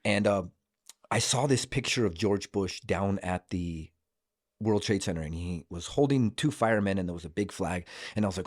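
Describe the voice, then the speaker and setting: A man's voice: low voice, moderate pace, no echo, clean studio sound. A man in his forties from Idaho, a guest talking casually and earnestly, with lots of fillers and restarts. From Idaho, USA. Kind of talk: casual conversation.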